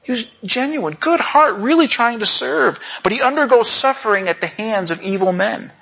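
A male pastor preaching a conversational sermon, often saying "you know" and jumping up in pitch for emphasis. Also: lively intonation, normal speed, pushed and bright, slightly rough. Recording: lo-fi dull sound.

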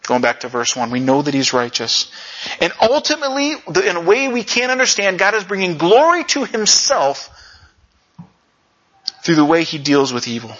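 A male pastor preaching a conversational sermon, often saying "you know" and jumping up in pitch for emphasis. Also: sing-song, moderate pace, fairly bright tone. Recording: lo-fi dull sound.

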